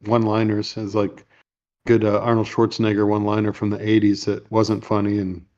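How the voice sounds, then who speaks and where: A man's voice: fairly low pitch, monotone, a little mellow, highs cut off. A man hosting a casual chat, retelling movie scenes in a rambling way and briefly voicing the characters. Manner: rambling, retells scenes with quick put-on lines. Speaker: podcast host.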